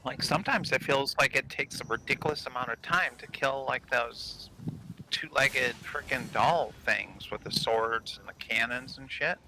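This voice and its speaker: A man's voice: mid-range voice, moderate pace, sharp tone. A man playing a game with friends, complaining casually and swearing at enemies. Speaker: co-player. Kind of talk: casual gaming chat. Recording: noisy background.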